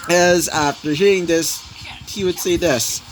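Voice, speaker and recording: A young man narrates a fan story off the cuff. His voice sits fairly high, and he rambles through his fillers as he finds the next beat. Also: fairly even intonation, measured pace. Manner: rambling, full of 'you know' and 'basically'.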